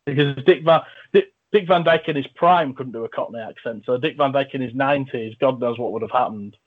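Brief: male podcast host, jokey and enthusiastic, mid-pitched voice, slightly muffled remote audio. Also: a little fast. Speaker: podcast host and film reviewer. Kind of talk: casual chat.

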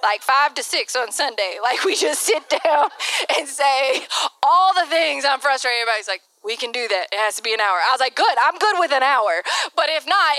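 A woman's voice: high voice, bright, forceful tone, no room sound. A woman pastor preaching a candid sermon, laughing often and acting out the voices she quotes.

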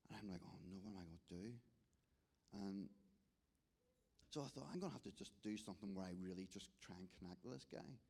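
Northern irish guy telling a church story, real low gravelly voice, keeps restarting. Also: brisk, darkish tone. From Northern Ireland. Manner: storytelling, acts out dialogue, many restarts. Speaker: restorative justice volunteer giving testimony. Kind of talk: church testimony talk.

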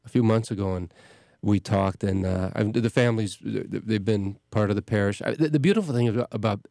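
Rambling low-voiced priest, dry studio sound. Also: male voice, gravelly, mellow, no echo. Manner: rambling, halting, with many restarts and fillers. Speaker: parish priest hosting a show. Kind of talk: casual talk.

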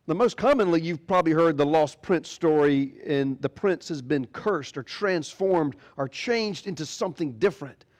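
A man's voice: on the high side, a little mellow. A man preaching a sermon as pastor, animatedly retelling a fairy tale. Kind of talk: sermon storytelling.

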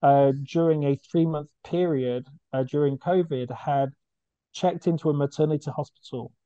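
A man's voice: a little high, fairly even intonation, normal speed, warm tone, smooth, no room sound, lo-fi sound. A man, a charity founder, telling his story earnestly and with feeling in a podcast interview, often restarting his sentences. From United Kingdom.

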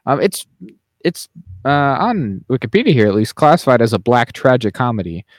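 A man co-hosts a podcast, chatting casually and rambling with many fillers and restarts. His medium-pitched voice is very animated at a normal speed, with clean studio sound and no room sound.

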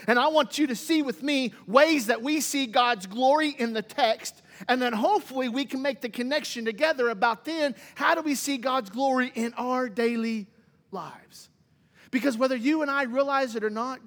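A man's voice: very high-pitched, a bit bright. A man preaching a sermon as pastor, speaking with dramatic emphasis and acting out the lines of Bible figures. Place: church sanctuary. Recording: long reverb in a hall.

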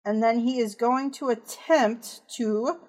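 A woman's voice: a little high, slow pace, darkish tone. A woman narrating as game master of a tabletop horror game, casual and descriptive, with frequent fillers.

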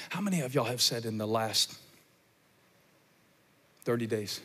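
A middle-aged pastor preaching a sermon to a congregation in a large church, moving from quiet, close talk to loud, shouted emphasis. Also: male voice, mid-range voice, lively intonation, measured pace, pauses often, husky.

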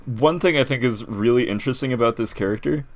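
A man's voice: mid-range voice, fast talker. A man co-hosting a podcast, chatting casually about tabletop game characters, rambling with lots of fillers and laughs. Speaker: podcast co-host.

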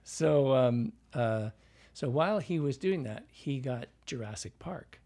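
A Midwestern man from Iowa talks through his stories as a dialect coach, and his voice has a husky grain at a mid pitch. He slips into the voices of the people he quotes. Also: unhurried. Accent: Midwestern American. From Iowa, USA. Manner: animated anecdotes, acting out quoted voices. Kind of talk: storytelling interview.

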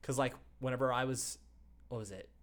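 A man's voice: medium pitch, fairly even intonation, a little fast. A young man, a wedding DJ, chatting as a podcast guest in a laid-back, rambling way. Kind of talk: casual chat.

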